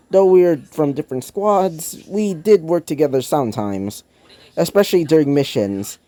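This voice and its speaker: A man's voice: on the high side, mellow. A man voicing a shy young woman hacker in his own story, speaking hesitantly and awkwardly.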